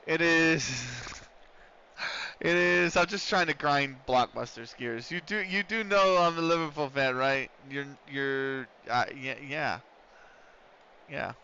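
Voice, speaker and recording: A man's voice: a little high, slow, bright, forceful tone, a little hiss or hum. A man live-streaming a football management game, rambling in casual banter between play-by-play calls of the action. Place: lives in the United States. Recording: dull lo-fi stream audio.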